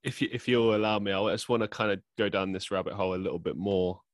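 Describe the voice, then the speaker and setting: Man, podcast host, lowish voice, rambling hedged questions, dry close sound. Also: steady tone, fast talker, dry recording. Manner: rambling, hedging questions full of likes and I means. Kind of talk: casual interview talk.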